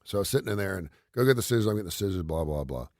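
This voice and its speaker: Deep-voiced man telling a family story. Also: very fast, no echo, studio quality. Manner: animated anecdote teller, quotes his kids, laughs often. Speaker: radio show host. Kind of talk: casual radio chat, storytelling.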